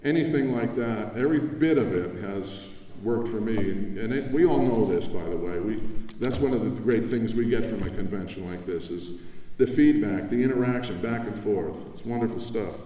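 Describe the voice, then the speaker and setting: An older man delivers a rambling, reminiscing acceptance speech in a dark, mellow voice. He stands well back from the microphone, and his words carry through the long reverb of a large convention hall. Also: fairly low pitch, moderate pace. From New Jersey. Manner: warm, reminiscing, conversational with asides. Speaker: award recipient giving acceptance speech. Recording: echoey hall from far off.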